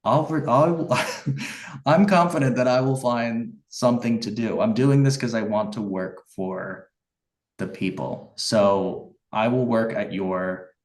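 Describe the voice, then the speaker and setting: A man's voice: mid-range voice, takes it slowly, a little mellow, echoey room, distant mic, rough recording. A man running for office, answering interview questions earnestly and passionately, with frequent restarts and fillers. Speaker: write-in congressional candidate.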